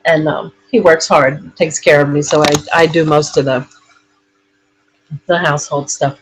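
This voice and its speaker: A woman hosting a relaxed live paranormal chat from a room in her home, rambling and chatty. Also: low-pitched, a little slow, a little hiss or hum, low-quality recording. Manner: rambling, chatty, laughs often.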